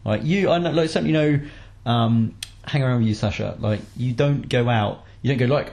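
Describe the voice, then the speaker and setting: A man, co-hosting a casual podcast in a relaxed, coaching tone. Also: mid-range voice, moderate pace, creaky. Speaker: podcast co-host.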